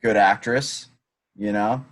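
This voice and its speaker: A young man co-hosts a podcast in easygoing, casual chat. He keeps his replies short and laid-back. His voice sits a little low. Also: fairly even intonation, takes it slowly. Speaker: podcast co-host.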